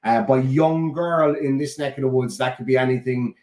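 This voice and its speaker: An Irish man co-hosting a podcast tells heartfelt stories in casual chat and swears freely. His voice is medium-pitched and a little mellow, at a normal speed, and the recording has a roomy echo.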